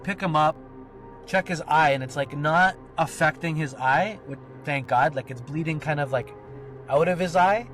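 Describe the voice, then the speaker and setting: A man's voice: on the high side, normal speed, a bit bright, soft background music. A man telling a personal story on a podcast, rambling and swearing, with lots of filler words. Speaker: podcast co-host. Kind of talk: casual storytelling.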